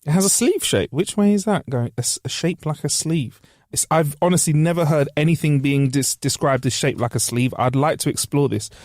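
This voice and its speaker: A man's voice: fairly high pitch, brisk, a little mellow, no room sound, clean studio sound. A man co-hosting a casual podcast chat in a playful, jokey way. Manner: playful, jokey, puts on silly voices. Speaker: podcast co-host.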